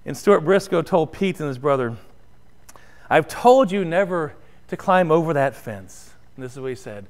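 A man's voice: on the high side, lively intonation, normal speed, darkish tone. A man preaching a sermon and telling a story in a church sanctuary, then leading a prayer. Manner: storytelling, rising and falling, ends in prayer. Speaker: pastor.

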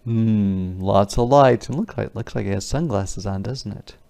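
A man as a teacher, reading a picture book aloud to young children, pausing to explain words simply and wonder aloud. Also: lowish voice, vocal fry, mellow.

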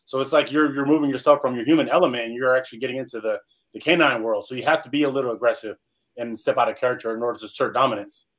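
A man on a podcast, calmly explaining his thinking in casual chat. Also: mid-range voice, rapid-fire, rough recording. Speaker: podcast guest.

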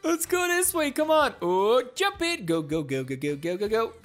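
A woman voicing an excitable young girl piglet while commentating a video game, talking in a squeaky, stammering way. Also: normal speed. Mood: urgent. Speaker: gameplay narrator. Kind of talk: gameplay commentary in character. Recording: game music playing underneath.

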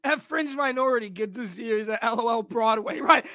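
A man hosting a reaction commentary, animated and mocking, breaking into laughs. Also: very high voice, fairly quick, no echo, clean studio sound. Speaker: commentary channel host. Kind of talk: reaction commentary on video clips.

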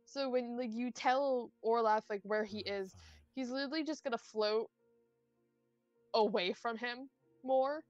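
Young woman GM, rambling delivery, slightly high pitch, soft music bed. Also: unhurried, dry recording, lo-fi sound. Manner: rambling, many fillers and restarts. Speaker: game master. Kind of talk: narrating a tabletop game.

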